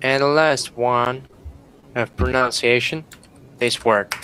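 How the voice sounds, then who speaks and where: A man teaching an online English class, slowly repeating words for students to practice. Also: medium pitch, fairly even intonation, bright, forceful tone, smooth, low-quality recording.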